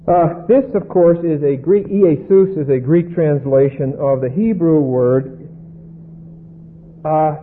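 A man teaching a Bible passage verse by verse, deliberate and often checking in with "Okay?". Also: medium pitch. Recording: tinny phone-like band with faint hum.

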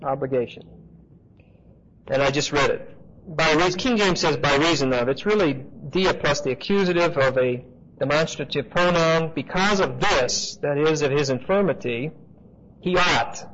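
Brief: male Bible teacher with a fairly high voice, chatty and emphatic, heard on a dull lo-fi tape. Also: normal speed, a bit bright. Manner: conversational, emphatic, checks in with the class. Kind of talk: expository Bible teaching to a class. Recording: dull lo-fi recording with faint hiss.

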